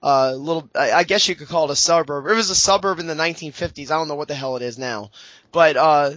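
A man from New Orleans co-hosting a sports podcast, talking in a rambling, jokey way with quick asides. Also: on the high side, fairly bright tone, dry recording, lo-fi sound. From New Orleans, Louisiana. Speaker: podcast co-host. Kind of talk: casual sports podcast chat.

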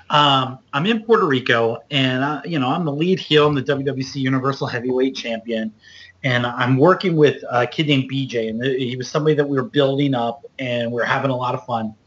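A man hosting a podcast, telling wrestling road stories in a loose, animated way and acting out other people's lines. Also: moderate pace. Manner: animated, loose storyteller, acts out quotes with big jumps up in pitch. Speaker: podcast host. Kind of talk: casual storytelling chat. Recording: dull lo-fi podcast audio.

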